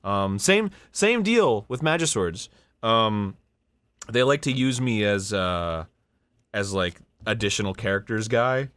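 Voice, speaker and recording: A man's voice: lowish voice, animated, takes it slowly, fairly bright tone, clear, resonant tone, dry recording. A man in his thirties telling a casual, rambling story about his voice work, often breaking off mid-sentence and swearing. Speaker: voice actor and show host.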